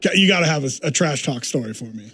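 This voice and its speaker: A young man filling in as a sports talk radio host, telling stories in an animated way, acting out quotes and laughing easily. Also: mid-range voice, quick pace, breathy edge. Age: young adult. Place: radio studio.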